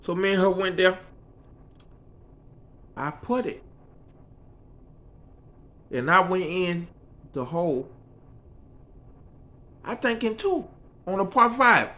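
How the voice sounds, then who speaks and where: A man's voice: high-pitched, lively intonation, slow pace, long pauses, sharp tone. A man casually telling a personal story in a rambling, folksy way that often repeats itself. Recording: dull lo-fi recording.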